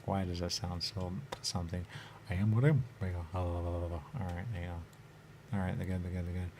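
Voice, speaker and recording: A man talking in a rambling, trance-like monologue, halting and repeating the same phrases over and over. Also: sits low, level tone, noisy background. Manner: repetitive, halting, circles back on phrases.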